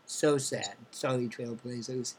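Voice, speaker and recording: A young man co-hosting a casual podcast, upbeat as he reads out listener cities and gives shout-outs. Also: mid-range voice, slow pace, slightly rough. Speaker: podcast co-host. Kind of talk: casual chat.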